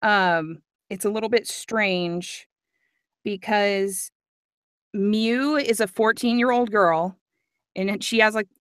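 A woman's voice: mid-range voice, steady tone, slow pace, a bit bright, clean tone, no room sound, clean studio sound. A woman audiobook narrator in casual livestream chat, chatty and giggly. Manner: chatty and giggly, nerdy about accents.

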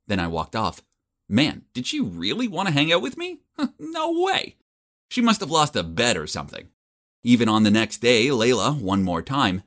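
A man telling a first-person animated story in an expressive, jokey, self-deprecating way. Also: fairly low pitch. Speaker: narrator.

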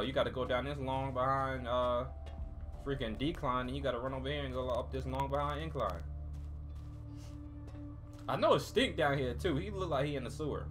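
A man's voice: medium pitch, pushed and bright. A man giving casual, joking gameplay commentary as a gaming YouTuber, talking straight to his viewers.

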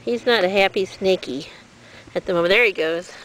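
A woman's voice: mid-range voice, a little fast, a bit bright, slight background noise, low-quality recording. A woman filming her pet cat outdoors, chatting in playful baby talk and laughing often. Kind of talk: casual home video chatter. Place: outdoors in a rural yard or field.

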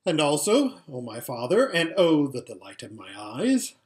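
Brief: arrogant young prince, read by a male narrator, forceful, pushy and grandiose. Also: a little high, wildly swooping pitch, moderate pace. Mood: pompous.

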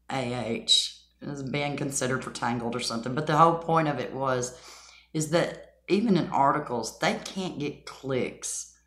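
A woman with a strikingly deep voice talks straight to her viewers in a chatty, emphatic way. She drops scoffing asides as she goes. The sound bounces around an echoey room. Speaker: channel host. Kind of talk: casual commentary.

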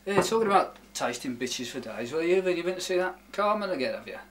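A young man playing a cheeky flatmate full of matey banter, in naturalistic indie film dialogue. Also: fairly high pitch, quick pace, low-quality recording. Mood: teasing. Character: cheeky young English lad in a London flatshare. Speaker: new car yard worker and flatmate.

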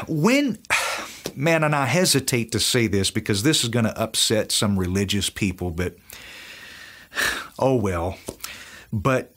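A medium-pitched, fairly bright male voice belongs to a Southern US preacher. Teaching from the Bible, he brings enthusiasm and acts out quoted lines.

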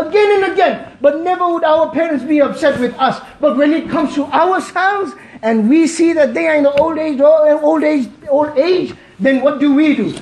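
A man from Malawi delivering an emotional Friday sermon, impassioned and pleading, at times near shouting. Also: very high-pitched, expressive, a little slow. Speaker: preacher. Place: mosque. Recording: echoey mosque hall.

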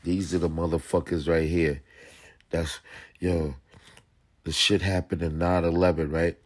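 Gruff, profane man ranting about dogs. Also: sits low, little pitch movement, unhurried, no room sound. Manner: blunt, profane, street slang. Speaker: dog channel host. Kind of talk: casual commentary reacting to a video.

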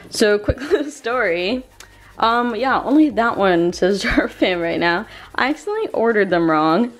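A young woman vlogging from home, chatty and bubbly, talking straight to her viewers. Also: medium pitch. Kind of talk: casual vlog chat.

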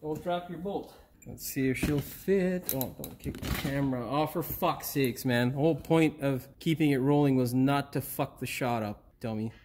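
A man's voice: medium pitch, normal speed, darkish tone, slight background noise. A middle-aged man hosting an auto repair channel, working outdoors in a driveway and talking to a camera. He is short on sleep, swears often, mutters to himself and keeps restarting his lines. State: sleep-deprived. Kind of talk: casual DIY repair outtakes.

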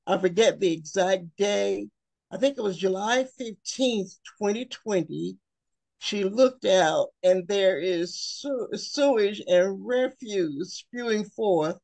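A woman giving an earnest, emotional personal talk at a webinar, speaking slowly with pauses. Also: mid-range voice, gravelly, a little mellow, no room sound.

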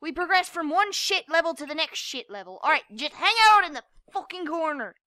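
Woman, young, gameplay commentary, frustrated and swearing, bright voice. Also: sits high, expressive, brisk, no echo. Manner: swearing, frustrated, yelling at the game. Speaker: gamer.

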